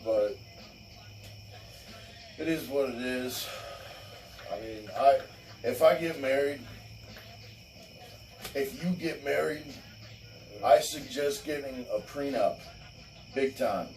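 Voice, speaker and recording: A man hosting a loose late-night chat, ranting bluntly and cursing freely. His voice sits at an ordinary pitch. He is a little far from the mic, with faint crickets behind. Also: takes it slowly, long pauses, a little mellow, slight background noise. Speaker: show host. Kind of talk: casual crude podcast chat.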